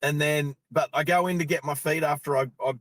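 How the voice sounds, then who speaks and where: Middle-aged Aussie bloke, live driving vlog host, rambling friendly storyteller, dry in-car sound. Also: male voice, a little high, steady tone, a little fast, dry recording. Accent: Australian. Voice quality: chatty, laughs easily, many fillers. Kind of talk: casual storytelling while driving. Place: in a car on the road.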